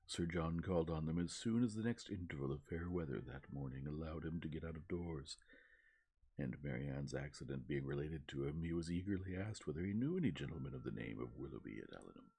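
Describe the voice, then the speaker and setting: A man reading a classic novel aloud as a soft-spoken ASMR narrator, slow, soothing and measured. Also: a bass voice, lively intonation, gravelly, breathy edge.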